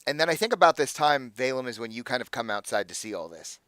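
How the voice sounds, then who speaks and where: A man's voice: medium pitch, sing-song, fast talker, a bit bright, no room sound. A man narrating a tabletop game as game master, rambling with lots of fillers.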